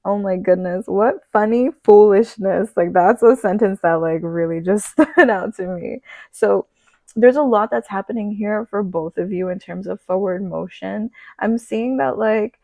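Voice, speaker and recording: A non-binary reader giving a casual pick-a-card reading, chatty and gushing, with many fillers and soft spiritual talk. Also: mid-range voice, a little slow, creaky, no echo, rough recording.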